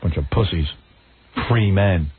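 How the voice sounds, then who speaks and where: A man's voice: low-pitched, unhurried, husky. A man hosting a radio talk show, talking in a blunt, brash and mocking way. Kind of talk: provocative radio banter. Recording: tinny lo-fi radio broadcast.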